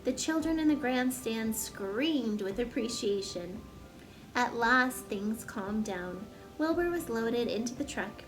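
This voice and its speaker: A woman storyteller reading a children's chapter book aloud with gentle, expressive narration. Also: fairly high pitch, takes it slowly, faint music behind.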